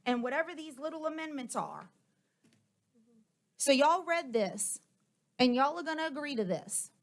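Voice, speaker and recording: A woman's voice: high voice, sing-song, moderate pace. A woman, speaking at a board meeting. She argues in a heated, confrontational way, hammering the same points again and again into a table microphone. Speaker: school board member. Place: public board meeting room.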